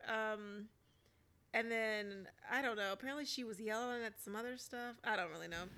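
A woman's voice: a little high, normal speed, pushed and bright, a little hiss or hum, low-quality recording. A woman co-hosting a casual chat, recapping a reality show, laughing often and full of "like" and "um". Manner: chatty, laughs often, says "like" and "um". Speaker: podcast co-host.

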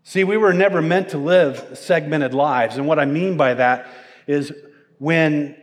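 A middle-aged male pastor preaching, telling a self-mocking personal story in an animated way. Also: a little high, measured pace. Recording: long hall reverb.

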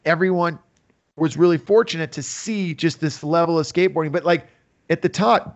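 A man's voice: fairly high pitch, normal speed. A man from the Bay Area in his fifties, telling stories as a guest in a casual interview, rambling with many fillers. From San Francisco Bay Area. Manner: rambling, full of fillers, acts out quotes. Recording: dull lo-fi audio.

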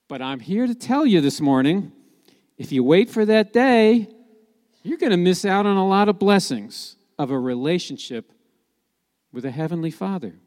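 A man's voice: sits high, big pitch swings, moderate pace, darkish tone, long reverb tail. A man preaching a sermon in a conversational, emphatic way, with joking asides.

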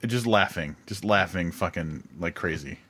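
Deep-voiced man joking around casually. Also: normal speed. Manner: relaxed, joking, heavy casual swearing. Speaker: podcast co-host. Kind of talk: casual chat.

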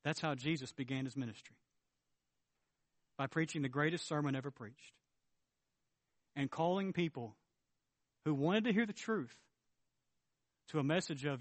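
A man preaching a sermon as pastor, emphatic, swinging between loud declarations and low, earnest tones. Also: normal speed, long pauses, dry recording.

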